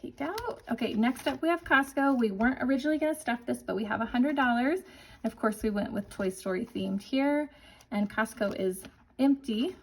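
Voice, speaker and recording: A woman in her forties chatting casually to viewers as a budgeting vlogger, upbeat and chatty, counting cash out loud. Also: fairly high pitch, slight background noise, low-quality recording. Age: 40s. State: slightly winded.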